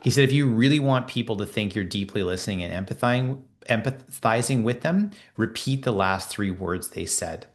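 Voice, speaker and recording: Middle-aged man, low voice, acting out dialogue. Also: fairly quick, few pauses. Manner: explanatory, acts out quoted dialogue in lively voices. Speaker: guest, leadership coach. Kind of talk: podcast interview.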